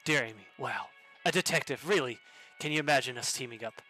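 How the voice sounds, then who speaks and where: A man voicing a cheesy, smooth-talking man writing dating-site messages, read in a soft, hammy romantic tone. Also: mid-range voice, fairly quick, soft background music, pitched below the performer's own voice, lightly acted.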